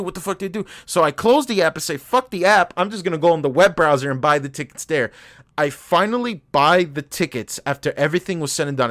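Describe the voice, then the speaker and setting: A young man co-hosting a podcast, telling a long story in a casual, profane, animated way and getting worked up as he goes. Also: fairly high pitch. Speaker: podcast co-host.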